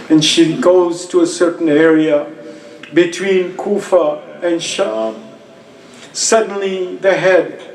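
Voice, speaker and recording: A male preacher delivering a mourning sermon, emotive and slow, with moments where he rises to cries. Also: on the high side, recorded from a distance, a little hiss or hum. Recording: echoey room.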